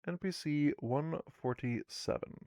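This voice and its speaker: A man's voice: a little high, unhurried, a little mellow, no echo, clean studio sound. A sleepy man casually narrating his solo tabletop game on a live stream, rambling and self-deprecating as he reads the game text aloud.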